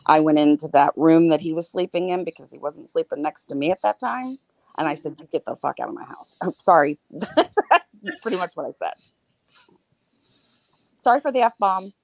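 Her pitch is low, her pace moderate, and she pauses often while recounting a personal experience as a podcast co-host. The telling is candid and animated, with bursts of laughter between grim details, captured on a dry recording.

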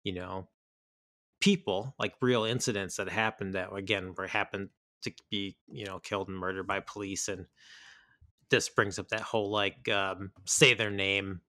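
A man's voice: sits low, moderate pace, no echo. A man hosting a casual movie podcast, talking loosely with many fillers. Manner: relaxed, lots of fillers like "like" and "kinda". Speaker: podcast host.

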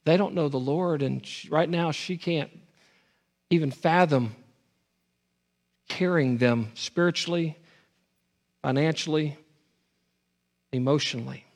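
A man's voice: fairly high pitch, slow pace, pauses often. A man preaching a sermon as pastor, earnest, often stumbling over and repeating his words.

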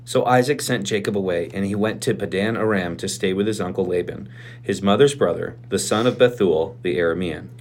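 A man's voice: low-pitched, a little fast. A man co-hosting a podcast, reading scripture aloud in turns with a co-host, earnest and emphatic on pleading lines.

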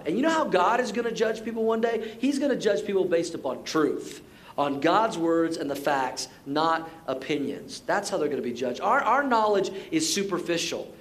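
A middle-aged male pastor with a fairly high voice delivers a sermon. He talks like he's chatting, full of personal stories, restarts and asides. The tone stays easygoing and plainspoken. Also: a little hiss or hum. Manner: conversational storytelling with repeated words and asides.

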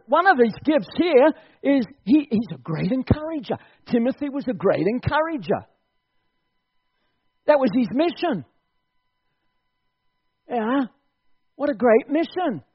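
A man preaching to his church congregation in a high, lively voice that swoops up and down as he urges them on and laughs along. The sermon recording sounds dull and lo-fi. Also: slightly rough. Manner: animated, exhorting, laughs often. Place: church service.

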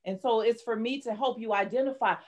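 A woman's voice: on the high side, fairly quick. A middle-aged woman, candidly telling her life story in an interview with dramatic retellings. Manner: candid, dramatic retelling, rising to shouts when reliving anger. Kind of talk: personal testimony in an interview.

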